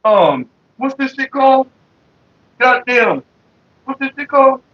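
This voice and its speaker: A man from Florida streaming casually from his computer desk, cussing and ranting loudly. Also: extremely high pitch, very animated, unhurried. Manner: profane, cussing out bugs. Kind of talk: casual livestream rant. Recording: dull lo-fi stream audio.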